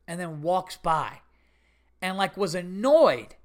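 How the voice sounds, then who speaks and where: A man telling a story on his podcast in a loose, conversational way. He curses freely, and his voice swings up into sharp, indignant outbursts before dropping back to an easy, chatty tone. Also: high-pitched, a little slow. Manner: animated, swearing, rising to indignant bursts. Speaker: podcast host. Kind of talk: casual storytelling monologue.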